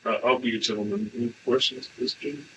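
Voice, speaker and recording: A man's voice: medium pitch, steady tone, fairly quick, background noise. A man asking questions at a channeling session in casual chat. He is blunt and swears casually.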